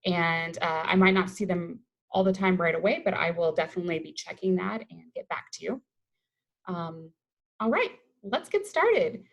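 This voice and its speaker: A woman's voice: on the low side, expressive, moderate pace, gravelly, lo-fi sound. A woman from Colorado, a waste-reduction educator, giving an upbeat, conversational webinar presentation over a video call. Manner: upbeat, conversational, enthusiastic about the topic.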